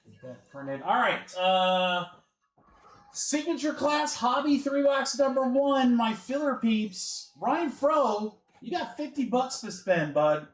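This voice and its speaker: Chatty high-voiced man hosting a card break. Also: lively intonation. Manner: chatty, calls out names and teams quickly. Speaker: sports card break host. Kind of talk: casual livestream chat. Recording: echoey room with faint music. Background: faint background music.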